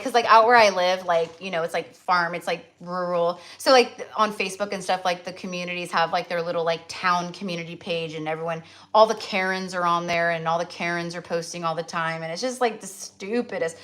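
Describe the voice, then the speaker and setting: Animated woman ranting on a livestream. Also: on the low side. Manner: animated, filler-heavy ranting with frequent "like" and swearing. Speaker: tarot reader hosting a livestream. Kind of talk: rambling casual livestream chat. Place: rural home.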